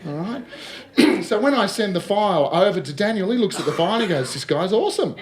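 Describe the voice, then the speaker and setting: A middle-aged man speaks in a somewhat high register. He spins workplace anecdotes with energy, slipping into the voices of the people in his stories and checking in with his listeners as he goes. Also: brisk, a little hiss or hum. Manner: lively storyteller who acts out dialogue and keeps checking with "all right?". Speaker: speaker on recruitment. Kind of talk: casual anecdotal talk.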